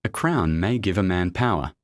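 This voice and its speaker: A man tells a folktale in scripted storytelling narration, measured and expressive. His voice is low, with lively rises and falls. The sound is dry and close. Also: no echo.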